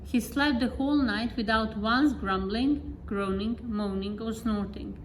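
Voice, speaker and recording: Nursery teacher reading a storybook to a child, gentle and playful, slow, slightly high voice. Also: female voice, slight background noise, poor audio. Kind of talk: reading a picture book to a child.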